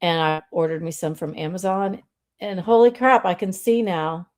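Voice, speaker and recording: A woman hosts a relaxed live stream. She rambles in a friendly, conversational way and keeps addressing her audience as y'all. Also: fairly low pitch, moderate pace. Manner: chatty, greets viewers, says y'all. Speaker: livestream host. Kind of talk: casual live stream chat.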